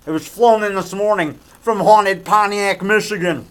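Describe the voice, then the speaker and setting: High-voiced rambling showman of a man. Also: moderate pace, few pauses, pushed and bright. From Chicago area. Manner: rambling, repetitive, showman-like self-promotion. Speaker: horror movie maker and actor. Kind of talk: casual rambling vlog. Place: indoors in a small picture-framing shop.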